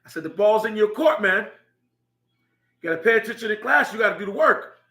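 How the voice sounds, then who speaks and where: A man's voice: high-pitched, expressive, brisk, sharp tone. A middle-aged man telling a heartfelt story about his son, laughing now and then as he speaks. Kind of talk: personal storytelling. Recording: echoey room.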